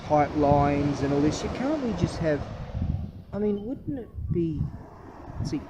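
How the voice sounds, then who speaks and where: A man's voice: fairly high pitch, very animated, unhurried, very noisy. A man in a casual, profane, rambling rant, talking in a scornful way. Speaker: vlogger.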